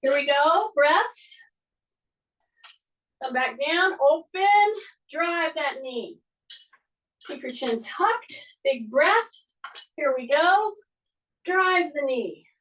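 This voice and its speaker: A woman fitness instructor talks you through a workout in a high voice. She counts and cues at a slow, constant pace. The recording is made a little way off from the mic. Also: recorded from a distance, poor audio. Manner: steady, even coaching cues. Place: home workout space.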